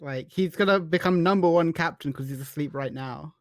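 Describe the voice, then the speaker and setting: A man's voice: fairly high pitch, fairly quick, no echo, clean studio sound. A man chatting casually as a guest, joking and laughing a lot. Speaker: guest team captain's teammate. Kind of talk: casual chat.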